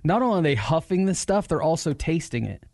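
A man co-hosting a radio show, joking through the news in casual banter and reading stories with deadpan asides. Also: on the high side, fast talker, no room sound, clean studio sound.

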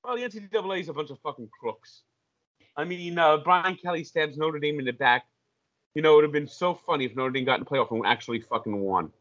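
A man co-hosting a casual sports talk show, ranting and swearing with loud bursts. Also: on the high side, fast talker. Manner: ranting, profane, loud impressions. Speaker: podcast co-host. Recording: dull lo-fi audio.

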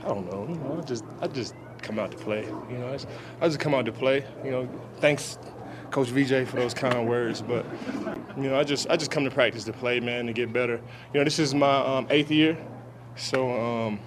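Man, football player, press scrum answers, halting speech, lots of restarts, outdoor camp, faint background noise. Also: mid-range voice. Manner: halting, many restarts and fillers.

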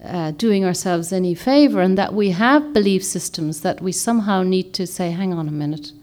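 Her reflective talk to a group drifts along as she gropes for words and restarts her thoughts. The author's voice is mid-range and a little mellow, and she keeps a moderate pace.

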